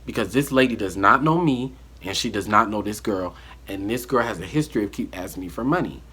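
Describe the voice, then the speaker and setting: Man vlogger, casual storyteller; bright tone with a husky edge, animated. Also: lowish voice, fairly quick. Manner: animated storyteller, acting out the quotes.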